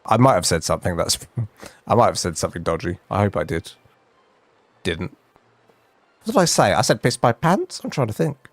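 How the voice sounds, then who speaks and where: A man's voice: lowish voice, sing-song, moderate pace, long pauses, no echo. A young man streaming from home, telling a funny story in a chatty, self-mocking way. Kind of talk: casual storytelling while gaming. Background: faint game music.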